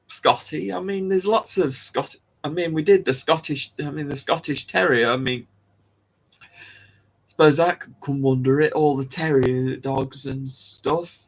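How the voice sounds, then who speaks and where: A man hosts a loose, chatty talk, talking slowly and stopping to restart his sentences. His voice sits a little higher than most men's. He chuckles to himself as he wanders from point to point. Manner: rambling, giggly, many restarts. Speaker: host. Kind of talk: casual solo talk about dog breeds.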